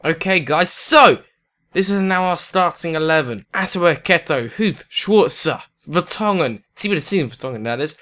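A young British man giving gameplay commentary on a football video game, excitable and sarcastic, shouting at goals. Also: a little high, moderate pace. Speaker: gaming commentator.

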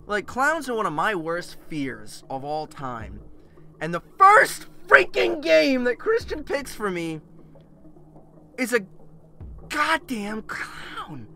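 A man's voice: sits high, bright, forceful tone, slight background noise. A man giving commentary while playing a horror game, panicky, often screaming and laughing nervously. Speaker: let's play gamer.

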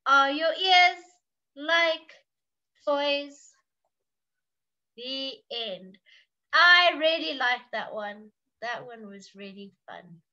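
A woman teacher reading stories aloud to children in an expressive, sing-song way, then signing off warmly. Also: high-pitched, drawn-out words, long pauses, dull audio. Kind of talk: story time reading to children.

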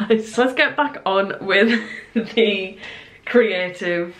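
A young woman chatting casually as she narrates her crafting work in a vlog, self-conscious and softly emotional at times. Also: mid-range voice, slow. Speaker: small business artist, vlogger.

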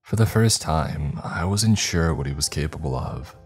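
A man narrating a horror story in a measured, grave storytelling manner. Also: very deep voice, animated, husky, soft background music.

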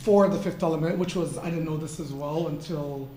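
A woman's voice: deep voice, a little fast, dark tone, reverberant. A woman in her forties from Canada, a model answering interview questions at a live talk in a casual, chatty way, laughing often and using lots of fillers. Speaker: guest model in an artist talk. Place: event room with an audience.

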